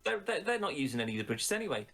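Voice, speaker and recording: A man's voice: a little high, very animated, racing, gravelly, a bit bright. Sweary man ranting on a podcast. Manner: sweary, ranting, mock-quoting in put-on voices. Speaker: podcast co-host. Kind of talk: casual chat.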